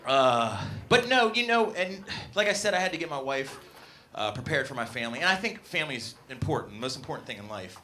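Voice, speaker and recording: A man in his late twenties doing a stand-up comedy set on a club stage, working the crowd in a loud, upbeat way. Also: mid-range voice, big pitch swings, brisk, a little hiss or hum.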